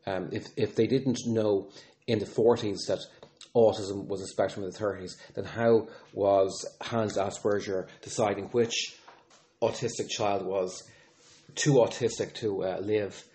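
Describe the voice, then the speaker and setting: A man speaking as a podcast host and father in an earnest, reflective monologue, often pausing, restarting and using fillers. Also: lowish voice, fairly even intonation, mellow.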